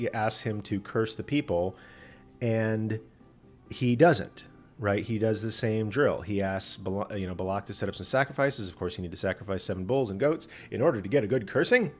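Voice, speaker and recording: A man who is a rabbi, retelling scripture casually with humor and many fillers. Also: lowish voice.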